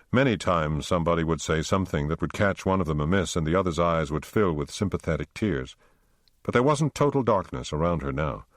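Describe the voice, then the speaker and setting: A man narrating an audiobook in a steady, unhurried storytelling manner on a close microphone. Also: low-pitched, no room sound.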